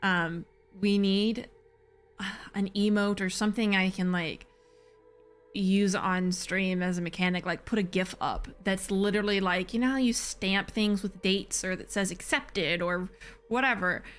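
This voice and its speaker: A woman's voice: medium pitch, steady tone, a little slow, smooth. A woman streaming a video game, talking casually and animatedly, swearing freely. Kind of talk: casual let's-play commentary.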